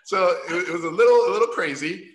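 A middle-aged man from Mexico telling stories at a talk, animated and laughing as he acts out the people he quotes. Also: high-pitched, fast. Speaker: guest animator. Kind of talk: casual storytelling at a talk. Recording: roomy echo.

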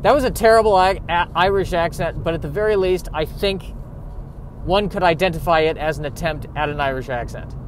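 Rambling self-deprecating man, slightly high voice. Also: brisk, a little hiss or hum. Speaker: podcast host. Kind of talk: casual monologue. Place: in a car while driving.

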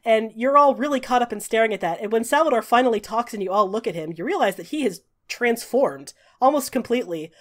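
A woman game master describes the scene at a relaxed pace. Her voice sits a little high, and she pauses often with small filler hesitations. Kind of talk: narrating a tabletop game.

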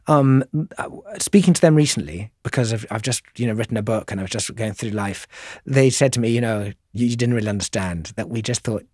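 A man's voice: on the low side, fairly quick, few pauses, a little mellow, husky, no echo, studio quality. A middle-aged man with a posh English accent, chatting as an interview guest in a rambling, self-deprecating way. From England. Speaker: guest musician. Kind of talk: casual interview conversation.

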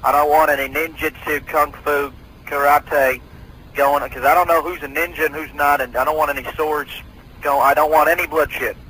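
A man's voice: fairly high pitch, fairly even intonation, normal speed, bright, forceful tone, slight background noise, rough recording. A man playing a bumbling police officer on a prank call, trying to sort out a dispute. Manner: bumbling, mediating.

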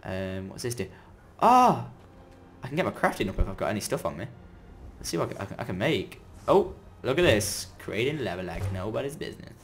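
A man giving chatty, excitable commentary as he plays a game, breaking into sudden loud outbursts. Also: on the low side, a little fast. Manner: chatty running self-talk while playing. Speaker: gaming video creator. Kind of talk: let's-play gameplay commentary.

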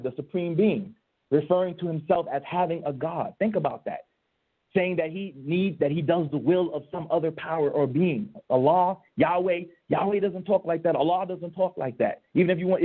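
A man giving an emphatic debate rebuttal, repeating key phrases for stress. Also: on the high side. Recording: tinny phone-line audio.

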